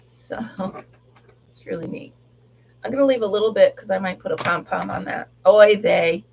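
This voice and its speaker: A woman's voice: mid-range voice, moderate pace, creaky, highs cut off, a little hiss or hum. A middle-aged woman chatting casually on a live stream while she crafts, laughing often and rambling about her day. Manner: chatty, laughs often, sings along softly. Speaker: livestream crafter.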